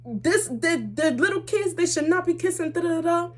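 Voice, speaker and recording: Here is a strict middle-aged mother scolding her child, put on by a young woman telling a story. Her voice jumps up high and sharp as she barks demands in quick bursts, clearly outraged. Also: animated. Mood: indignant. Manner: shrill, demanding, rapid-fire orders.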